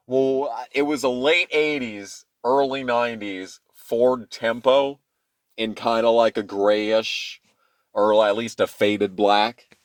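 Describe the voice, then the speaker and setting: A man in his twenties telling childhood stories in a casual, profane, rambling way, swinging between loud rants and low mutters. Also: dry recording. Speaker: channel host. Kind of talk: casual storytime monologue.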